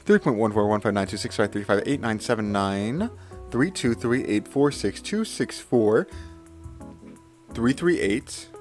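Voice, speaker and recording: A young man on a live stream rattles off long strings of digits in quick bursts. He stumbles, apologizes and corrects himself in a flustered way. Soft music plays faintly behind him. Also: mid-range voice. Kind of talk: live stream memory challenge.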